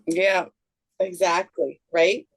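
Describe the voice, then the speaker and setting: A woman's voice: on the low side, level tone, slow, dry recording, rough recording. Woman, guest client, short affirming replies, dry sound, video call. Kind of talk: casual chat.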